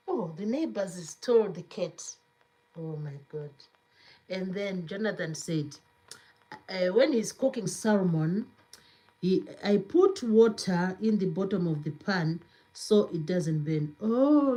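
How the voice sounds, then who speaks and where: A woman hosting a cooking stream talks in a relaxed, unhurried way, in an everyday middle pitch. She reads out viewer comments and breaks into giggles again and again. Her talk is loose and repetitive, like easy chat with her audience. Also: low-quality recording. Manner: giggly, laughs often, repeats herself. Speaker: cooking channel host. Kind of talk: casual live-stream chat, reading viewer comments aloud.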